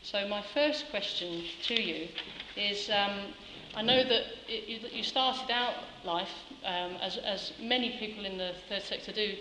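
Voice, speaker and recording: A woman's voice: medium pitch, bright, forceful tone. A woman hosting a live chat show, reading an introduction and then asking her guest direct questions. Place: live event hall. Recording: echoey hall with faint noise.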